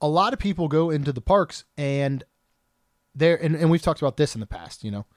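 A man's voice: a little high, lively intonation, fairly quick, no echo, clean studio sound. A man in his thirties co-hosting a podcast, chatting casually and joking, rambling with frequent restarts. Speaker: podcast co-host.

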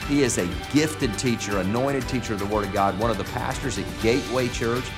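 A man, a preacher, introduces the guest speaker to his church in a measured welcome. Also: mid-range voice, music in the background. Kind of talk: stage introduction.

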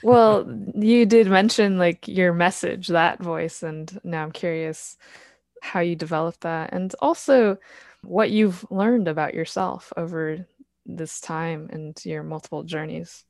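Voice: medium pitch, measured pace, creaky, dry recording, clean studio sound. A podcast host interviewing a guest in a casual, encouraging way. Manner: encouraging, frequent backchannel and laughter.

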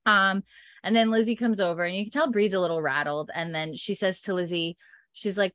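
Chatty woman recapping, dry close sound, mid pitch. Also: no echo. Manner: animated retelling, acts out characters in quick voices. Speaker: podcast co-host recapping a TV episode. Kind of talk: casual chat.

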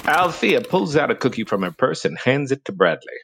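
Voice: mid-range voice, big pitch swings, brisk, a bit bright, slight background noise. Wry tabletop game narrator. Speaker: game master.

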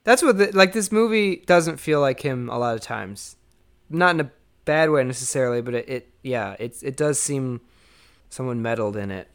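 A man's voice: mid-range voice, animated, normal speed, clean tone. A man co-hosting a casual movie podcast, joking and reading out trivia questions. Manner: runs trivia quizzes, joking. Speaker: podcast co-host.

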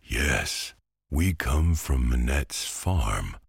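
A very stout, jolly cabbage from a storybook, out of breath and chatty, as a male narrator puts it on. The voice is deep, slow and very breathy, recorded dry. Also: sing-song, dry recording, full character voice.

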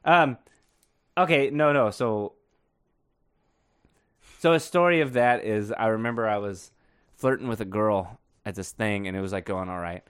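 A man's voice: on the low side, moderate pace, pauses often, smooth. A man co-hosting a podcast in casual chat, telling joking stories and laughing often. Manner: jokey storyteller, laughs often. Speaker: podcast co-host.

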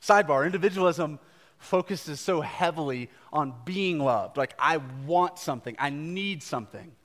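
A man's voice: a little high, expressive, moderate pace, fairly bright tone. A young adult man preaching a live sermon to a congregation, conversational and earnest, with casual asides. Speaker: pastor. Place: church gathering before a congregation. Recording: live church recording with long hall reverb.

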